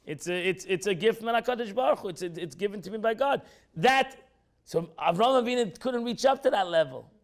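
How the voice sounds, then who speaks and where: A male rabbi leads a relaxed class, his voice sitting unusually high and swinging widely in pitch. He talks with a sound, repeats phrases and acts out quotes with lots of energy. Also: fairly quick. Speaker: rabbi teaching a weekly class. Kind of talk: informal Torah class lecture.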